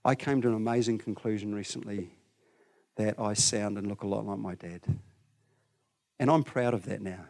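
A man preaching a conversational sermon, asking his listeners questions and swinging between loud, emphatic stretches and quiet, low ones. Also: moderate pace, creaky, long pauses.

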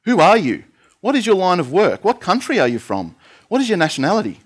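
A man's voice: high-pitched, wildly swooping pitch, brisk, slightly rough, voice pushed up, exaggerated voice. A man reading as panicked sailors in a storm. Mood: urgent. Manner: loud urgent questioning. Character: desperate male sailors pleading in a storm.

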